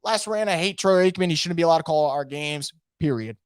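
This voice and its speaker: A man hosting a casual live sports podcast from home, energetic and opinionated, rambling with frequent restarts. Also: high voice, fast, few pauses, clean tone, no room sound, clean studio sound. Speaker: podcast host. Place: home room.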